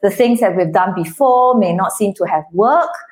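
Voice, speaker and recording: A woman's voice: mid-range voice, normal speed, a little mellow. A woman guest author speaking earnestly and from the heart in an interview, with some restarts. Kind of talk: interview, personal testimony.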